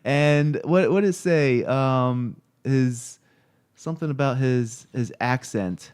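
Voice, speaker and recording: Slow, halting male streamer. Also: medium pitch, darkish tone, clean tone. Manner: rambling, halting, many fillers and restarts; reads chat and looks things up on screen while talking. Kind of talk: casual live stream commentary.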